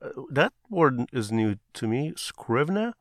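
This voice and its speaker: A man co-hosting a podcast, answering in short, dry remarks. His voice has a middle pitch and is recorded close and dry. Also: lively intonation, normal speed, clear, resonant tone, no room sound. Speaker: podcast co-host. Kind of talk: casual chat.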